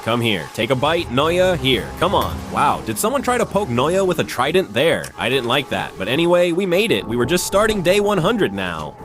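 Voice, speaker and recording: An excitable man calls out a survival game as he plays it, his fairly high voice bouncing up and down as he talks. He jumps from calm remarks to quick alarmed shouts. Soft music plays under him. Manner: excitable, jumpy play-by-play. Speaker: gaming channel host. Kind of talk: Minecraft survival commentary.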